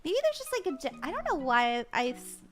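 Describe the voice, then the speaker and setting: Giggly high-voiced woman reading tarot. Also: wildly swooping pitch, fast talker, music in the background. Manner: giggly, bubbly, chatty with viewers. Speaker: tarot reader streamer. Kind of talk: casual live-stream tarot reading.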